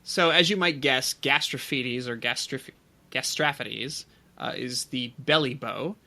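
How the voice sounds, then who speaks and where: A man co-hosting a relaxed podcast, with a bright, forward voice at an ordinary pitch. He rambles through his facts, full of fillers and restarts. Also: normal speed. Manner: rambling explainer with many fillers. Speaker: podcast co-host. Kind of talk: casual podcast chat.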